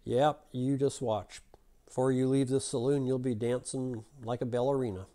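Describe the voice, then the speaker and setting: A man voicing a big, boastful Texan cowboy with a Texan accent and a drawling, gruff manner. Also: mid-range voice, fairly even intonation, moderate pace, warm tone, close to an everyday voice. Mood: smug.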